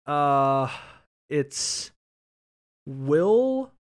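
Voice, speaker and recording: A man's voice: a little high, big pitch swings, drawn-out words, smooth. A man co-hosting a sports podcast in casual chat, rambling, repeating words and swearing freely. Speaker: podcast co-host. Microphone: podcast microphone.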